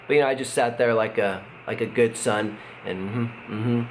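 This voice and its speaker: A middle-aged man, a pastor, giving a casual devotional talk in a relaxed, conversational way, with fillers and chuckles. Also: mid-range voice, a little fast. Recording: faint background noise.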